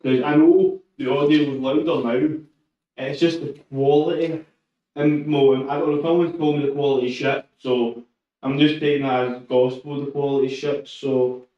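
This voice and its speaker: A man chatting casually during a live stream while he trains, relaxed and swearing now and then. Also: mid-range voice, normal speed. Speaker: streamer training for a powerlifting meet. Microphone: shotgun mic through a camera, away from him. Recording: echoey, distant, muffled lo-fi mic.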